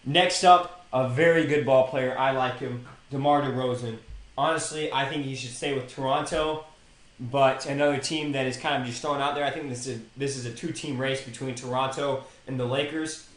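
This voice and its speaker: A man's voice: medium pitch, fairly even intonation, normal speed, fairly bright tone. A young man co-hosts a casual sports podcast. He gives his opinions and speaks directly to the players he discusses. His voice carries a roomy echo. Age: young adult. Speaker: podcast co-host.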